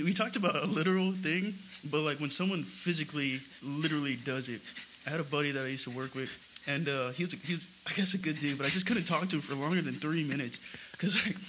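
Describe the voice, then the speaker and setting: A man's voice: on the high side, quick pace, a little hiss or hum, low-quality recording. A man co-hosting a casual podcast chat, telling funny stories with a lot of laughter. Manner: laughing storyteller, animated. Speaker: podcast co-host.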